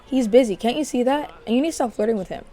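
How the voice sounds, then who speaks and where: A woman voicing a calm but firm young female singer who stands her ground. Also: on the high side, fast, faint music behind, voice pushed up, lightly acted. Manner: firm, no-nonsense.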